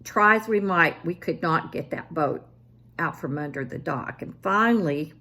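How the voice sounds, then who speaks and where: Husky older woman telling stories. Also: on the low side, moderate pace. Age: 70s. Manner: self-deprecating, animated when quoting family. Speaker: vlogger. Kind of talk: casual storytelling vlog.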